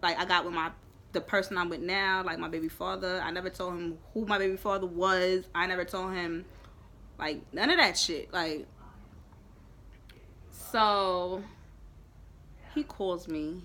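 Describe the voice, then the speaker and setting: A young woman telling a storytime in a lively, profane, emphatic way. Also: lowish voice, unhurried, long pauses. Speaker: vlogger. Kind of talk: storytime chat.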